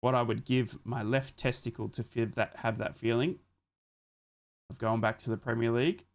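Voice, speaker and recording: An Australian man hosting a live football watch-along. He talks to his viewers in a chatty, excitable way, swears casually and calls the match as it happens. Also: mid-range voice, moderate pace. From Australia, born in Adelaide. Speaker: live stream host.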